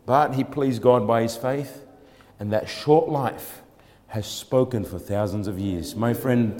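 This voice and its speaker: A man preaching a sermon. He moves between quiet, reflective passages and loud, building exhortation full of repeated rhetorical questions. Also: mid-range voice, unhurried. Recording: long hall reverb.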